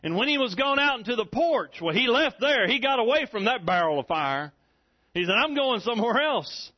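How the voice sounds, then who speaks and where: A middle-aged man preaching a sermon as pastor, folksy and rising to loud, excited preaching. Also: very high-pitched, a little fast. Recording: dull lo-fi recording.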